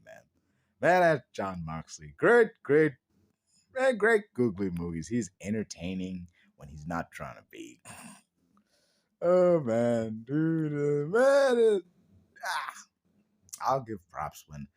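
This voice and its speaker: A man hosting a podcast, ranting in a casual, slangy, exclamatory way and laughing often. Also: on the high side. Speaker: podcast host.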